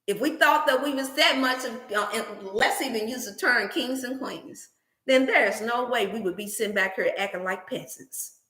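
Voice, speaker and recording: A woman hosting a motivational wellness livestream, preaching in an animated, scripture-laced way. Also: a little high, normal speed, reverberant. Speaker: wellness channel host.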